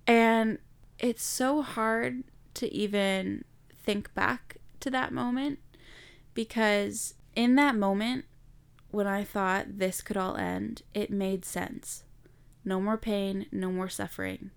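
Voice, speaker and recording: A young woman speaks slowly and candidly, reflecting on a painful personal time for her podcast listeners. Her voice is smooth and resonant, with a gravelly fry at the ends of phrases. She is unhurried and earnest. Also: mid-range voice, lively intonation. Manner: candid, reflective, slow and emotional. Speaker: podcast host. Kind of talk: personal storytelling monologue.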